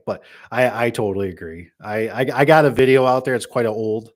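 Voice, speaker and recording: A man's voice: fairly low pitch, brisk, hardly any pauses. A middle-aged man who runs a garage door business, telling a rambling, joking story to a live chat, full of restarts and asides.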